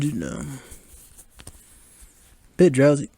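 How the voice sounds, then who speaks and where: A man's voice: mid-range voice, animated, unhurried, no echo. A young man riffs through a casual movie commentary, laughing often and tossing in "like" every few words. His mid-range voice swings up and down a lot, and the close podcast mic sounds dry. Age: 20s. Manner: chatty, laughing, filler-heavy. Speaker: podcast host.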